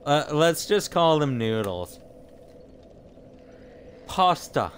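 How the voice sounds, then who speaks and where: Slow-talking, rambling male game streamer. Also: fairly high pitch, very animated, slight background noise. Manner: rambling, jokey, trips over his words. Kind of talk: casual chat with live viewers while gaming.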